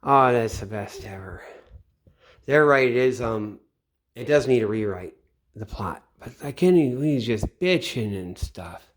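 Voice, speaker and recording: A middle-aged man giving a rambling late-night monologue, swearing often and trailing off into low mutters. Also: expressive, unhurried, a little hiss or hum. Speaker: channel host. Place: home at night.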